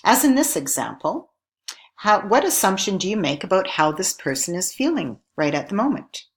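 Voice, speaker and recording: A woman giving a recorded lesson, speaking in a clear, measured teacherly way and putting questions to the viewer. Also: mid-range voice, big pitch swings. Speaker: instructor.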